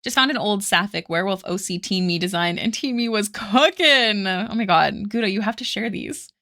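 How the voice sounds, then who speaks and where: A young woman chatting casually with her viewers while she draws, bubbly and talkative, reading chat aloud and thinking out loud. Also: mid-range voice, animated, moderate pace. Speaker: art streamer. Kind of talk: casual live-stream chat while drawing.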